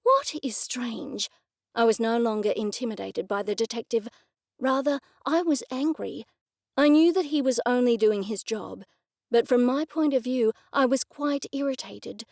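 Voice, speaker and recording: A woman narrating a first-person cozy mystery audiobook in a measured, expressive storytelling manner. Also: on the high side, no echo, clean studio sound.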